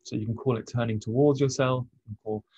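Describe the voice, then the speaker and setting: Gravelly-voiced man explaining calmly. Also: mid-range voice, fast, no echo, lo-fi sound. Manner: relaxed, conversational, many ums and restarts. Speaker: trauma coach. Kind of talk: casual teaching monologue.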